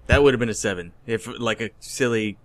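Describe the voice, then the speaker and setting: A man's voice: fairly low pitch, brisk. A man in a casual movie review chat, laid-back and offhand as he gives his rating. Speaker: podcast co-host.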